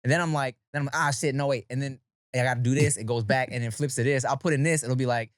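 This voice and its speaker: Animated man telling a story. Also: mid-range voice, fast, dry recording, studio quality. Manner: animated storytelling with swearing and slang. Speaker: podcast host. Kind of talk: casual podcast chat.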